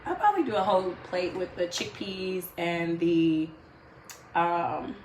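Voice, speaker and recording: A woman with a lowish, slightly mellow voice and measured pace tells casual stories while cooking on her home show. She laughs and adds asides for her viewers, and there is room echo along with faint background noise.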